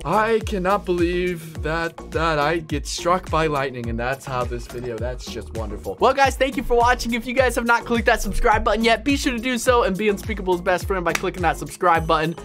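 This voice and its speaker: A man hosting a gaming channel, giving energetic gameplay commentary and yelping and shouting at every surprise. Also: sits high, a little fast, few pauses, soft background music. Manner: excitable, yelps and shouts at surprises. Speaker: gaming YouTuber host.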